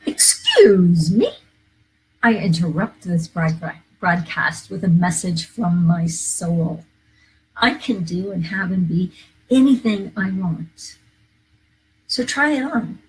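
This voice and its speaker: Very husky woman giving an uplifting talk. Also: on the low side, poor audio. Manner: earnest, coaching, repeats key phrases. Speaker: minister and live show host. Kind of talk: inspirational live-stream talk.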